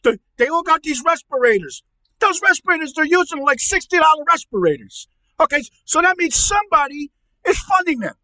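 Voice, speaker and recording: A man playing a ranting, profane, angry middle-aged uncle on a comedy podcast, stammering and repeating himself as he yells. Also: very high voice, lively intonation, fairly quick, no room sound, full character voice, rough recording. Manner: yelling, profane, repetitive stammering rant.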